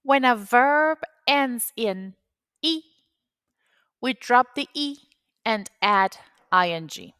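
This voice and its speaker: A woman's voice: on the high side, expressive, slow pace, pauses often, sharp tone, smooth, dry recording. A woman whose first language is Spanish, patiently explaining an English grammar rule step by step, repeating key points. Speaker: English teacher. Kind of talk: grammar lesson.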